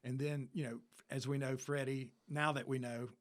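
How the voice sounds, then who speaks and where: A middle-aged man appearing as an interview guest tells a long, casual industry anecdote, rambling with lots of fillers and acting out the dialogue. His mid-range voice is flat in delivery, at a moderate pace.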